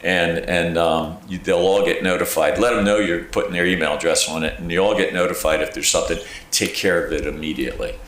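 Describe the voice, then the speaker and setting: Animated man talking in a very echoey chamber. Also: sits low, fairly quick, few pauses, slight background noise. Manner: animated storyteller, acts out phone calls and quotes; conversational, repeats "okay?" for emphasis. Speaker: county clerk of court. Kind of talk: public presentation to a village council. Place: council chamber.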